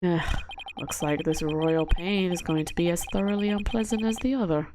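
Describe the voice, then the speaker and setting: A woman's voice: on the low side, normal speed, noisy background, lightly acted. A woman voicing an earnest, exasperated male defense attorney with an incredulous delivery, over game music. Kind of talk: reading game dialogue aloud on stream.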